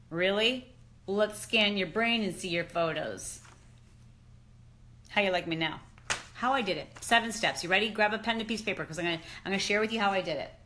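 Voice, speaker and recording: A middle-aged woman on a casual live chat, excited and exclamatory, slipping into slangy asides. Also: medium pitch. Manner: animated and exclamatory, often says "dude". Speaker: fitness and lifestyle expert.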